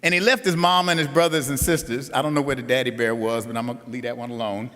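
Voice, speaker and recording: A man preaching an animated storytelling sermon that builds to a rousing close, recorded in a large conference hall. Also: medium pitch, fast talker, slight background noise.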